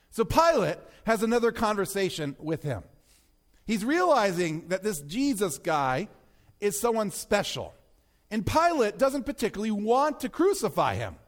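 A man preaching a sermon as pastor, reading scripture and pressing his points with rising emphasis. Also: high voice. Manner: emphatic, rising to a near-shout on key points.

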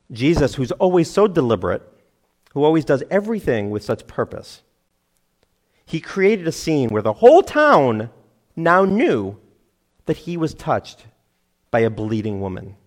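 A middle-aged man preaching a sermon, animated, acting out crowd voices and laughing at himself. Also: mid-range voice. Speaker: pastor.

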